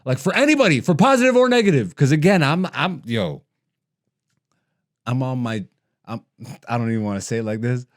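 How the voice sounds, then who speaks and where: A man in his thirties hosting a comedy podcast, ranting with heavy profanity and mockery, dropping to low mutters and rising to loud animated bursts. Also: brisk, pauses often. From Ethiopian heritage.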